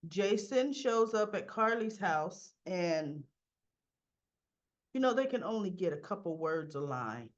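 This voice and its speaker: A woman casually recapping a soap opera episode, acting out the characters' lines, with a cough and frequent throat clearing. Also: on the low side, animated, measured pace, dull audio. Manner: chatty, acts out characters' lines in quotes.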